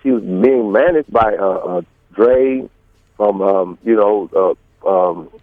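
A man with a lowish voice speaks slowly as an interview guest, his long story coming through a tinny phone-style line with no room sound. He meanders, restarting and filling pauses often, and performs the quoted lines.

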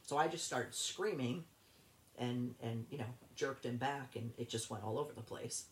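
A woman, a guest in an interview, telling a personal story in a rambling, halting way with many restarts. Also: a bass voice, roomy sound, slight background noise.

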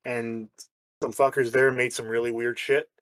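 Regular-pitched guy chatting loosely on a pod, swears a lot, sounds far off and echoey. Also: level tone, moderate pace, a bit bright. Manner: offhand, thinks aloud with restarts and swearing. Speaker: podcast co-host. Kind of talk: casual chat. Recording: far from the mic, roomy echo.

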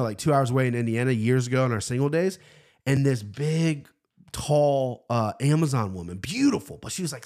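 A man in his thirties hosting a casual sports betting podcast, loose and excitable, swearing freely. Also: medium pitch. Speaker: podcast host.

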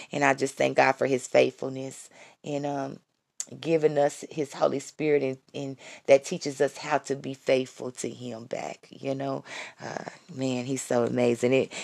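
A woman giving a casual devotional talk to her viewers, excited and repeating her phrases as she calls out to them. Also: extremely low pitch, creaky, no echo, clean studio sound. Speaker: Christian vlogger giving testimony.

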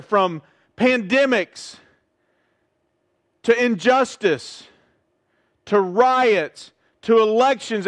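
A man's voice: very high voice, no room sound. A man preaching a sermon as pastor in a church service, in a conversational way and asking his congregation questions.

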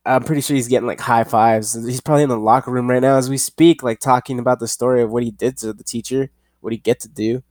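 A young man hosting a casual podcast, rambling and profane, reading news haltingly and laughing at himself. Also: medium pitch, steady tone, darkish tone, no echo. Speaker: podcast host.

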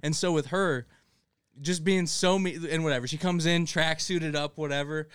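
A man co-hosting a podcast, telling a school story in animated casual chat and laughing as he goes. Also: fairly high pitch, moderate pace, smooth, no room sound, clean studio sound. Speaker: podcast co-host.

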